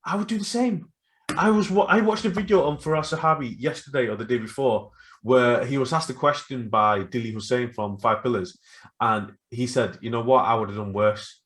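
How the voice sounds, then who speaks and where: A man co-hosting a casual podcast, retelling stories with lively acted-out quotes. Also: mid-range voice, fairly quick. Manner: animated storytelling, acts out quotes. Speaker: podcast co-host. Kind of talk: casual chat.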